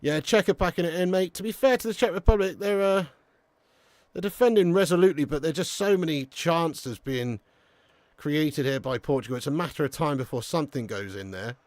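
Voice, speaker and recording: A man's voice: a little high, brisk, darkish tone, no room sound. A man giving chatty, jokey live football commentary as a watch-along streamer.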